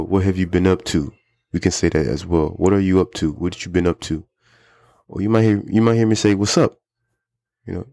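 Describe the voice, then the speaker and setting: A deep-voiced man talks through everyday phrases for English learners in a relaxed podcast style. He repeats key phrases so listeners can follow along. The recording is dry and close, with little room sound. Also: no room sound. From United States. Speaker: podcast host teaching English. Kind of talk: casual teaching chat.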